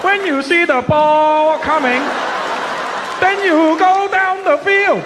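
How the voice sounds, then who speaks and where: A man voicing a bossy male team coach who barks slow, drawn-out orders. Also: very high-pitched, over a noisy crowd, very noisy, pitched above the performer's own voice.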